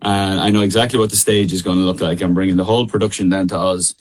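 A man's voice: low-pitched, steady tone, fast talker, low-quality recording. A young man with a midlands Irish accent, a singer chatting as an interview guest over a call, laughing often and hesitant with many fillers. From Ireland. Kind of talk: casual interview chat. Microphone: remote call.

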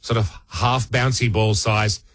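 A man's voice: fairly low pitch, level tone, a little slow, a bit bright, dry recording. An Australian man hosting radio, telling a rambling, self-mocking story with many restarts, on a studio mic. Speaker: radio host. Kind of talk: casual storytelling chat.

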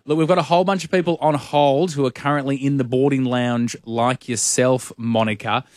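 A man's voice: medium pitch, fairly even intonation, brisk, a little mellow. A man co-hosting a radio show, upbeat and chatty with the callers. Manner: upbeat, chatty, laughs often. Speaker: radio host. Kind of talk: energetic radio banter.

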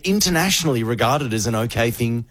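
A man's voice: mid-range voice, lively intonation, fast talker, a bit bright, no echo. A man hosting a radio show, telling a story with animation and acting out the voices of the people in it. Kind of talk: lively radio banter and storytelling.

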